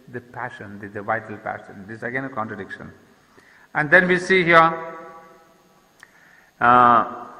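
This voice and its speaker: A man giving an explanatory lecture, reading verse lines slowly and then explaining them with hesitant restarts. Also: medium pitch, sharp tone. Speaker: lecturer on poetry and yoga. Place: lecture hall. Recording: long reverb of a hall.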